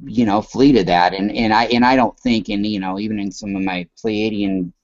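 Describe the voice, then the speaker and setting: A man's voice: mid-range voice, very animated, normal speed, gravelly, a little mellow, dry recording, lo-fi sound. A man from the American West Coast, co-hosting a talk show and chatting in a loose, rambling way, swearing casually. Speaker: co-host. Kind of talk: casual chat.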